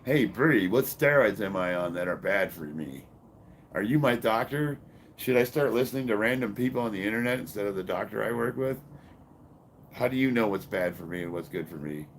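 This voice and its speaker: A man's voice: fairly low pitch, animated, fairly quick, slight background noise. A fifty-year-old man from Illinois, reading his live-stream chat in a blunt, combative, profane way, with bursts of laughter. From Illinois, USA. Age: 50s. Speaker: powerlifter answering live chat.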